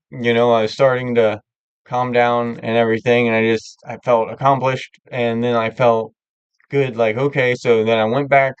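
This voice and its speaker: A man's voice: mid-range voice, clean tone, no room sound, highs cut off. A man hosting a live stream, talking candidly and rambling with many filler words in casual chat. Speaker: livestream host.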